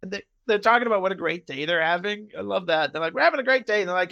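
A man's voice: high-pitched, racing, creaky, muffled recording. A man co-hosting a podcast, chatting casually and acting out scenes from a TV episode in shifting voices. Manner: animated, acts out lines in loud shifting voices. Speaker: podcast co-host. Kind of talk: casual chat recapping a TV episode.

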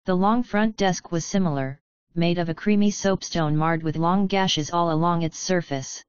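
A woman narrating a book chapter in a calm, measured storytelling manner. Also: on the low side, clean tone, no echo, muffled recording. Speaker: audiobook narrator. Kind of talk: scripted narration.

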